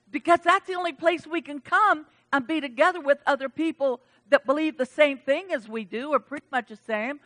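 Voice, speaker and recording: A woman's voice: sits high, normal speed, hardly any pauses, sharp tone. A woman pastor preaching a sermon, emphatic and chatty, with casual asides to the congregation.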